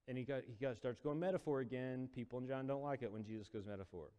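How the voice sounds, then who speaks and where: A man's voice: mid-range voice, quick pace, few pauses, warm tone. A male preacher retelling a Bible story in a casual, storytelling sermon, acting out quotes with rising intensity. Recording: long hall reverb.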